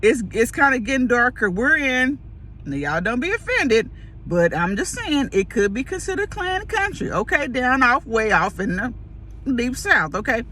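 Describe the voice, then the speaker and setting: Woman vlogger, lively storyteller with a bright, forceful voice, does all the voices herself. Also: fairly high pitch, moderate pace, a little hiss or hum. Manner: animated, acts out quoted voices, laughs often. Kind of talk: casual storytelling to camera.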